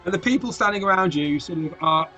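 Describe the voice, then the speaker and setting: A man's voice: high voice, animated, fast, sharp tone, soft background music. A man narrating as game master of a tabletop game, with frequent hesitations and restarts. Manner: hesitant, full of fillers and restarts.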